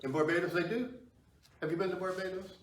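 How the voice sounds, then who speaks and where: A man gives a public history talk, chatting loosely and putting questions to the audience. His voice sits a little high. It is picked up from a distance in an echoey hall, with faint noise underneath. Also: steady tone, fast. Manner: conversational, asks the audience questions. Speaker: history lecturer. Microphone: far tripod camera.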